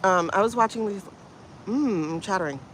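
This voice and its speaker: A woman hosting a spiritual livestream, talking in an emotional, halting way and often repeating herself. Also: mid-range voice, slight background noise. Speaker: livestream host, intuitive reader. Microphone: phone livestream.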